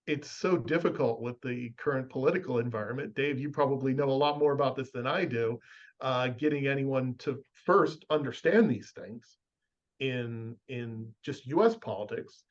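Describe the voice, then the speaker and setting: A man on a discussion panel lays out his views in an even, explanatory way. His voice comes through a somewhat muffled, lo-fi recording. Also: mid-range voice, moderate pace. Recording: muffled lo-fi audio.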